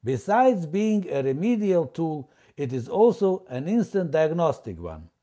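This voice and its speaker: A man for whom English is a seventh language reads a prepared open letter aloud. His wording is formal and stilted, and his delivery is deliberate. His voice is somewhat high for a man, with a lively, swinging pitch and a mellow, dark warmth. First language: not English; English is his seventh language. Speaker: language teacher presenting his method.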